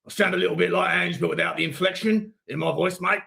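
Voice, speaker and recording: A man doing a comic impression of a gruff middle-aged male football manager, deep and gravelly, slow and self-assured with halting fillers. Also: bright, forceful tone, exaggerated voice.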